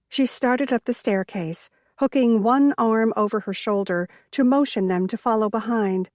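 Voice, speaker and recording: A woman narrates a small-town mystery in a measured, even storytelling voice. Her pace is slow, and the recording is dry and close. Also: on the high side, no echo. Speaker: audiobook narrator. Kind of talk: scripted narration.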